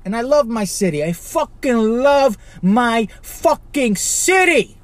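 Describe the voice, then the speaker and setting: A man from Chicago hosting a podcast, ranting alone with constant swearing, rhetorical questions and sudden loud outbursts. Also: very high voice, sing-song, slow, no echo. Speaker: podcast host. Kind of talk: profane solo rant.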